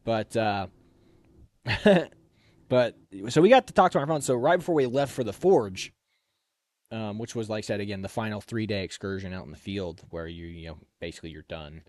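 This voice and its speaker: A young man casually telling animated stories from army training, laughing and acting out other people's lines. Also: fairly low pitch, moderate pace, dry recording, clean studio sound. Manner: animated, laughs while telling, acts out quotes. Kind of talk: casual storytelling.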